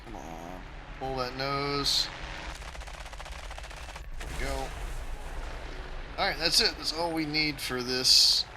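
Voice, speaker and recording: A man's voice: medium pitch, takes it slowly, pauses often, noisy background. A man hosting his own gaming channel, giving a casual, tactical play-by-play of his flight game as he plays.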